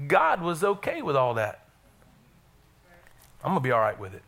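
A middle-aged man preaching a sermon in a church, energetic and calling out to the congregation. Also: a little high, normal speed, creaky. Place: church sanctuary.

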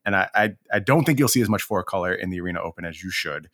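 A man co-hosting a casual card game podcast, giving firm opinions in a measured way with some stammered restarts. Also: deep voice, expressive, fairly bright tone, no echo, clean studio sound. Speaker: podcast co-host.

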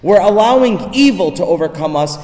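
Male preacher, high lively voice, storytelling sermon, echoey hall. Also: fairly quick. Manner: animated storytelling with rhetorical questions.

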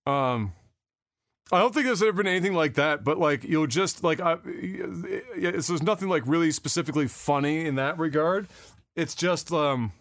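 A man's voice: fairly high pitch, normal speed, no room sound, studio quality. A man in his thirties co-hosting a casual podcast, telling stories with lots of fillers and voice mimicry. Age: 30s. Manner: animated storyteller, mimics voices, laughs often. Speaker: podcast co-host. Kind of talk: casual chat.

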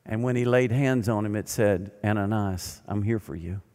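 An older man preaching a sermon as pastor, animated and then dropping to quiet emphasis. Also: lowish voice, moderate pace. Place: church sanctuary. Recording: long reverb of a large hall.

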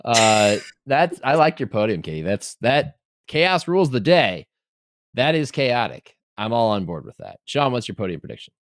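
Lively man with a dry close sound. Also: medium pitch, normal speed, no room sound. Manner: upbeat, reads chat comments to hosts. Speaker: podcast host. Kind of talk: casual sports chat.

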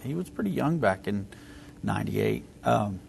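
Gravelly Texan man, laid-back co-host. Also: fairly low pitch, animated, moderate pace, darkish tone. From Texas. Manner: laid-back, hesitant, lots of ums and laughs. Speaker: podcast co-host. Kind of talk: casual religious talk show.

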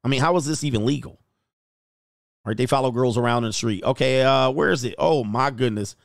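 A man doing casual reaction commentary as a YouTube commentator, slangy and prone to loud exclamations. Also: medium pitch, fairly quick, creaky, no echo, clean studio sound.

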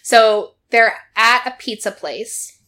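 A woman with a bright, forward voice tells a story in a casual chat. She keeps talking, fills her lines with "like" and acts out what people said. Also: a little high, lively intonation, slow pace. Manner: chatty storytelling, acting out quotes, frequent "like". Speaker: podcast co-host recapping a reality show.

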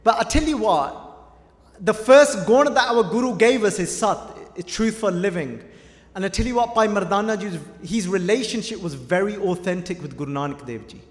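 A man's voice: high voice, lively intonation, moderate pace. A man giving a conversational sermon, telling stories and quizzing his audience with questions. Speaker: preacher. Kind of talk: sermon with storytelling. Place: large hall with a live audience. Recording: echoey hall with long reverb.

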